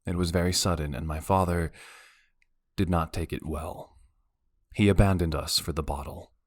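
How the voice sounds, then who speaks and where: A male narrator plays a frazzled older brother in a romance audiobook, blunt and weary, sighing between his words. The voice sits very low, and the sound is close and dry. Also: fairly even intonation, moderate pace, no room sound. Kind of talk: audiobook character voice.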